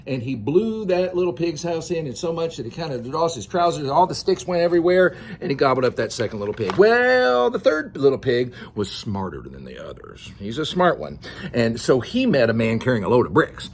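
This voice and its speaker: An older man reading a picture book aloud to his grandchild, expressive and chatty, pointing out the pictures as he goes. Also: a little high, fairly quick, a little hiss or hum.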